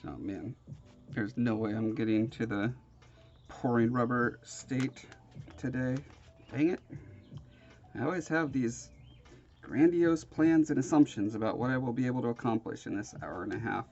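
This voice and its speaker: Gravelly, nasal man with a cold. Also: medium pitch, normal speed, long pauses, darkish tone, highs cut off, soft background music. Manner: self-deprecating, rambling. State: sniffly, congested. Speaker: crafting show host. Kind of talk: casual hands-on tutorial.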